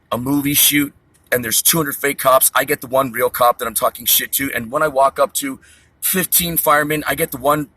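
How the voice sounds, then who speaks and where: Man, middle-aged, slightly raspy voice, fed-up vlog rant, cursing, rambling tangents. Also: mid-range voice, bright, forceful tone, no room sound. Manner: agitated, profane, tangent-jumping rant. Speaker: vlogger. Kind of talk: ranting monologue.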